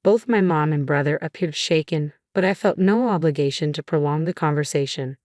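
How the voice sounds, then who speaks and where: A woman reading a first-person drama story aloud in an even, measured scripted narration. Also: low voice, no echo, clean studio sound.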